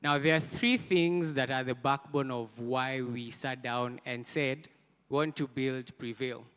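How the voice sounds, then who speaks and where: A man's voice: medium pitch, steady tone, measured pace, a bit bright, clean tone. A man presenting a product at a conference, drawing the audience into call-and-response. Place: conference hall. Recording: reverberant conference hall.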